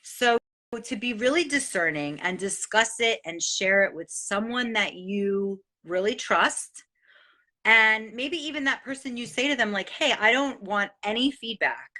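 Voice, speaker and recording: Excitable, swearing New woman, bright-toned. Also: fairly high pitch, a little slow. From New York. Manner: excitable, animated and profane. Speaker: host sharing life advice. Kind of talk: casual motivational monologue.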